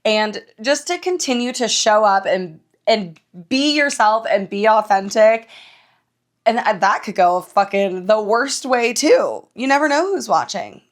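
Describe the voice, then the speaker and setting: A young woman hosting her own podcast, telling stories in a casual, animated way, swearing freely and laughing often. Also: medium pitch, unhurried. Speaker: podcast host. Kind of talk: casual solo podcast chat.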